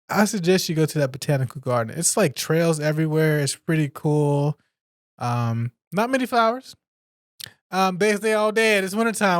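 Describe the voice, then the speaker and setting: A man hosting a casual solo podcast, chatting in a jokey, animated way and answering his own questions. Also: a little high, dry recording, studio quality. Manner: animated, jokey, talks to himself. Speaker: podcast host.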